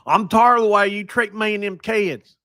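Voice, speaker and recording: A man's voice: moderate pace, pushed and bright, no echo, studio quality. A man doing a mocking impression of his exasperated, complaining ex-wife. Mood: aggrieved. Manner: whiny, shrill mockery.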